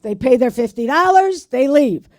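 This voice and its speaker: A woman's voice: high voice, expressive, normal speed, darkish tone, no echo, studio quality. A woman doing stand-up, telling old jokes in a brash manner and swearing at the audience. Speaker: stand-up comedian. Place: community arts center stage.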